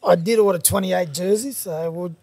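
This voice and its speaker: A man's voice: sits high, moderate pace, creaky, darkish tone, husky, dry recording. A man, a veteran rugby league player, chatting as a podcast guest in a laid-back, chuckling way. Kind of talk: casual chat.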